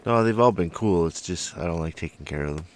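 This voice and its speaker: Deep-voiced, blunt co-host man. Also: a little fast, slight background noise. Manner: dry, blunt short remarks with swearing. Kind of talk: casual chat.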